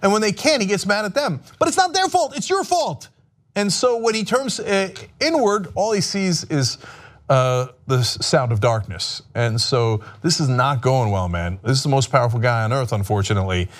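A man's voice: medium pitch, animated, normal speed. A man hosting a sarcastic political commentary show, talking animatedly and mocking his subjects.

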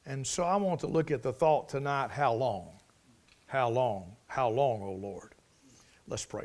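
A man's voice: medium pitch, measured pace, a little mellow. A man preaching a sermon, leading a prayer and building emphasis through repetition. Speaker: pastor.

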